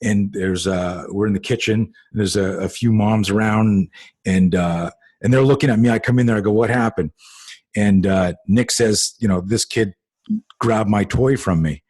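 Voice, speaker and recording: A man hosting a self-defense talk show, telling a long story in a lively way and acting out the people he quotes. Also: on the low side, moderate pace, breathy edge. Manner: animated, acts out quoted voices, many fillers. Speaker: host and self-defense coach. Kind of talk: conversational storytelling.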